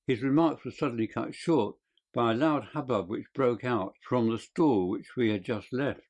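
A man reading an audiobook narration in a steady, measured way. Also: medium pitch.

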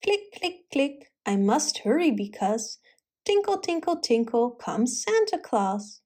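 A woman's voice: a little high, expressive, unhurried, a little mellow. A woman voicing a kindly old mother bear who sings rhyming knitting chants. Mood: sing-song. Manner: sing-song rhyming chant.

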